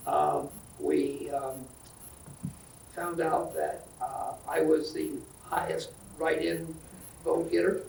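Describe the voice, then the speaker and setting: An older man and retiring county supervisor giving rambling, halting farewell remarks with many fillers at a board meeting. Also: a little high, a little mellow, a little hiss or hum. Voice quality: gravelly. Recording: roomy, distant meeting-hall mic.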